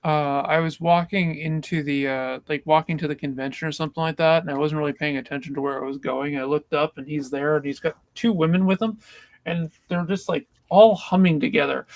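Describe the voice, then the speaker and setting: A man co-hosting a live stream in casual chat, talking haltingly and restarting his sentences. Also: a little high, fairly even intonation, dry recording. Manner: halting, with repeated starts.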